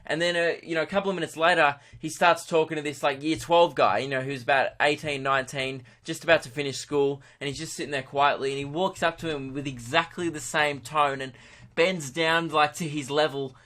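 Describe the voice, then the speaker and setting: A man's voice: on the high side, steady tone, brisk, pushed and bright. A man with an Australian accent, a podcast host telling a comic story in a sarcastic, ranting way. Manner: sarcastic, ranting, frequent swearing.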